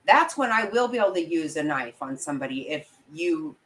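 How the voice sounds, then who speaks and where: A woman's voice: low voice, sing-song, a little fast, a bit bright, low-quality recording. A woman giving angry, blunt, profane commentary as a vlogger, talking straight to her viewers. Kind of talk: opinionated live commentary.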